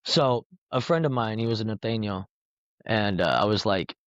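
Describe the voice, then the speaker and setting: A man's voice: fairly low pitch, moderate pace, dry recording. A man telling rambling, profane anecdotes in a casual podcast chat. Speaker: podcast host. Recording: dull lo-fi recording.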